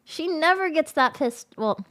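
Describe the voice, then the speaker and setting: Excitable high-voiced woman streamer. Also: measured pace. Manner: excitable, swears often, shrieks when thanking gifters. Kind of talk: casual livestream chat.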